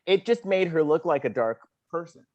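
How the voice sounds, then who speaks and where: Guy cohost, quick interjections, lots of "right", kinda muffled lo-fi sound. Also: a little high, animated, darkish tone. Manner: short affirmations and quick interjections. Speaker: podcast co-host. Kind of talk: casual book discussion. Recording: muffled lo-fi audio.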